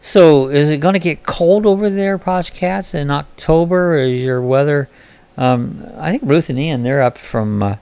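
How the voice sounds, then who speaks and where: Gravelly-voiced man chatting on a live stream. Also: fairly high pitch, unhurried, a little mellow, no echo. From Florida. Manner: chatty, reads comments aloud and answers them. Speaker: host of a live chat stream. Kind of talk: casual live-stream chat reading viewer comments.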